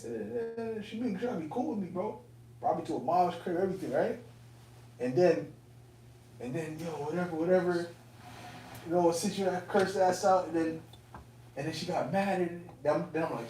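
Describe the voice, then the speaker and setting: Animated, profane storyteller man, roomy distance. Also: high voice, a little fast, long pauses. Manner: animated, profane, streetwise talk. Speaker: elder speaking to fellow believers. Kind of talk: casual testimony storytelling. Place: indoor camp meeting room. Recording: roomy, distant mic, faint room noise.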